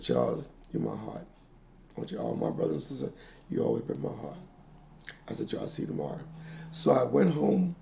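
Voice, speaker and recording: A man's voice: mid-range voice, creaky, dark tone. A man in his sixties telling a painful family story in an interview, heartfelt, acting out the voices he quotes. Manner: heartfelt, acts out quoted voices, grammar of casual speech. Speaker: interviewee, soul singer. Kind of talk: emotional personal storytelling. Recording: echoey room with faint ambient noise.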